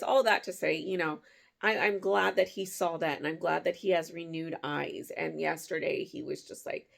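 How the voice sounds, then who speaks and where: A woman's voice: medium pitch, creaky. A woman in her thirties hosting her crafting channel, chatting casually and telling a heartfelt family story with laughs. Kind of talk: casual vlog chat.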